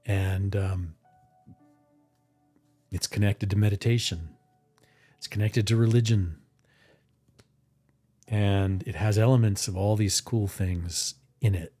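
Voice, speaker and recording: A man talking casually on a live stream about making his tarot deck, rambling and animated, restarting his sentences as he goes. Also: fairly low pitch, slow pace, pauses often, faint music behind. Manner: rambling and animated, acting out his own reactions.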